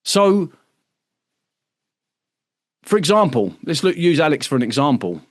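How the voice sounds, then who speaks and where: A man's voice: a little high, sing-song, a little slow, no echo, clean studio sound. A man hosting an online workshop, talking casually and emphatically, with lots of swearing and tag questions like "right?". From United Kingdom. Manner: acts out other people's voices mid-talk. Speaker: workshop host. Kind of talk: casual livestream talk to members.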